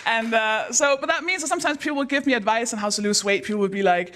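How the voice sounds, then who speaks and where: A woman hosting a live storytelling night, telling self-mocking stand-up jokes with punchy deadpan timing. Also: on the high side, fast talker, few pauses, a little hiss or hum. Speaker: host and stand-up comedian. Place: live stage before an audience.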